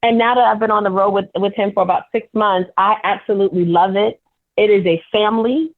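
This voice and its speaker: A woman comedian talks over a tinny, phone-like line, her voice pitched in a middling range. She tells stories candidly and with animation, as a call-in guest on a talk show. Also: fairly even intonation, brisk. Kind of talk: phone interview storytelling. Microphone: telephone.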